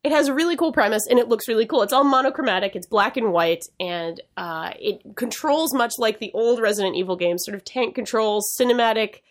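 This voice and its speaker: Chatty woman with a bright, higher voice. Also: a little fast, few pauses. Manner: chatty, laughs often, trails off and restarts. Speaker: podcast co-host. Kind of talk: casual chat.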